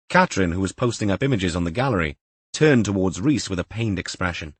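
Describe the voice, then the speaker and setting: Male narrator, crime audiobook, low voice, measured, dry close sound. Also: animated, slightly rough, no room sound. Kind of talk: scripted narration.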